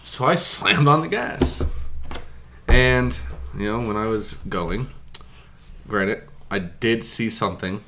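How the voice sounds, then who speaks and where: A man's voice: on the low side, slow, long pauses, bright, forceful tone. A young man telling a story in casual podcast chat, laughing often and swearing freely.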